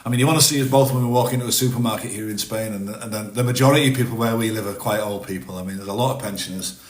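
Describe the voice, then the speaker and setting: A man's voice: on the low side, rapid-fire. Chatty British man, roomy echo. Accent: British, mixed Welsh, Manx and Teesside. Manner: chatty, rambling, answers viewer comments. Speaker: live-stream host. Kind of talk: casual live-stream chat. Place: home in Spain. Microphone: phone.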